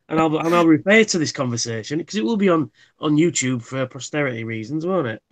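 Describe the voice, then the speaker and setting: Guy in his thirties hosting a stream, kinda higher voice, rambling and swearing. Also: expressive, a little fast. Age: 30s. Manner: swears freely, rambling anecdotes. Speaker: live stream host. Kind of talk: casual chat.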